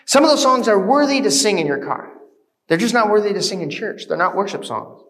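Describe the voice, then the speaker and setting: Pastor preaching hard, kinda high voice, big church echo, goes soft then loud. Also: male voice, expressive, brisk. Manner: impassioned preaching, swings from quiet to loud. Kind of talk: sermon. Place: church sanctuary. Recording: long reverb of a church hall.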